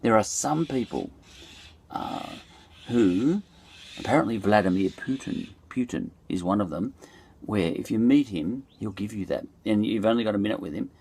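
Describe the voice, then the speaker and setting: A man's voice: on the low side, sing-song, normal speed, creaky, darkish tone, breathy edge. A middle-aged Australian man musing aloud in a loose, digressive monologue, full of fillers and restarts. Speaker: podcast host. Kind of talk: rambling reflective monologue.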